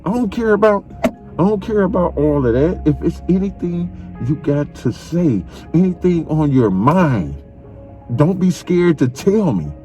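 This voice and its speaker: Tearful middle-aged father, soft and emotional. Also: on the high side, very animated, unhurried, soft background music. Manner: tearful, tender, repeating himself. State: crying. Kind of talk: emotional family conversation.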